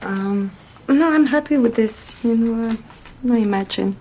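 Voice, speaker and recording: A woman's voice: a little high, measured pace, dark tone, slight background noise. A struggling Bosnian mother. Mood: guarded. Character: poor Bosnian mother, woman, struggling, guarded. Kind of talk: film dialogue. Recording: film clip with music behind.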